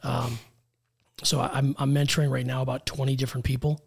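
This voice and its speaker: An American man, a guest executive coach, telling his story in an earnest, measured way. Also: mid-range voice, level tone, vocal fry, slightly rough. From United States. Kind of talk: conversational interview.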